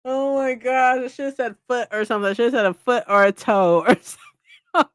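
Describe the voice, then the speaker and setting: A woman's voice: fairly high pitch, quick pace, smooth, no room sound, studio quality. A woman hosting a reading livestream, chatting casually with her viewers, laughing often and teasing them. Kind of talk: casual chat with live chat viewers.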